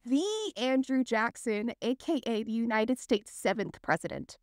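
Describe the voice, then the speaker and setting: A young adult woman hosting a podcast, retelling a spooky legend in an animated, chatty way. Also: fairly high pitch, measured pace, dry recording, studio quality. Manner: lively, animated retelling with quoted voices. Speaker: podcast host telling the story. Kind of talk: casual storytelling chat.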